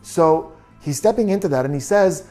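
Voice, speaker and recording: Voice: medium pitch, lively intonation, normal speed, warm tone, faint music behind. A body language analyst giving true crime video commentary, reasoning through details and asking many questions.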